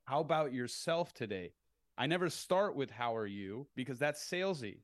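A middle-aged man as a podcast guest, explaining sales tactics in an animated way and acting out phone calls in upbeat voices. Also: medium pitch, normal speed. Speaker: real estate entrepreneur guest.

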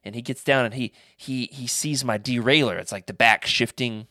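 Rambling, animated male podcast host. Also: medium pitch, moderate pace, no echo, clean studio sound. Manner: rambling anecdotes with restarts and animated quoted voices. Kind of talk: casual chat.

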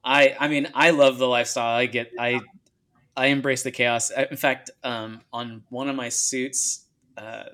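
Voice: medium pitch, fairly even intonation, normal speed, fairly bright tone. A podcast host in casual chat who shares stories and acts out quoted dialogue.

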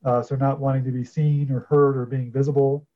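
Guy coach on a podcast, calm and explaining, kinda muffled lo-fi sound. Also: mid-range voice. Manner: measured, explanatory, with fillers. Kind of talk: casual podcast interview.

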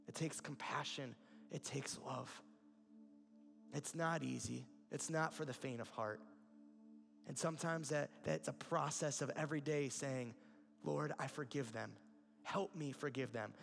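A man's voice: medium pitch, vocal fry. A man preaching a sermon in an earnest way, building to emphatic peaks. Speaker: pastor.

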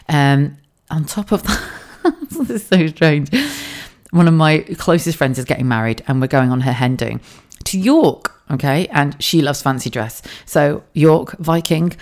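A low-pitched woman with an English accent talks through a casual solo podcast from her home office. She is chatty and open, drops swear words freely, and often breaks into laughs. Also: a little mellow. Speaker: podcast host.

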